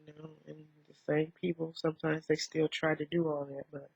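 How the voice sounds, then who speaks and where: Gravelly, husky woman musing softly. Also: low-pitched, little pitch movement, a little fast, dry recording. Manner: soft-spoken, rambling, musing. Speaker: vlogger. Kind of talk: casual reflective talk while doing makeup. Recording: dull lo-fi recording.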